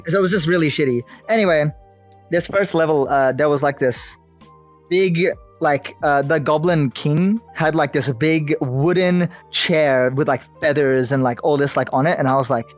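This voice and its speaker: A man's voice: fairly high pitch, normal speed, soft background music. A man hosting a podcast, chatting casually, full of laughter and filler words as he tells stories. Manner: laughing storyteller, heavy use of "like" and swearing. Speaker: podcast host. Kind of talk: casual chat.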